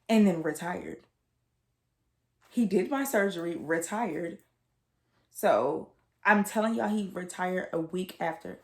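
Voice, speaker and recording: A woman's voice: fairly low pitch, a little mellow, reverberant. A woman in her twenties telling a personal story to her viewers, candid and emotional, with lots of fillers and repeated words, tearing up at times. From United States. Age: 20s. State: tearful at times. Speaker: vlogger.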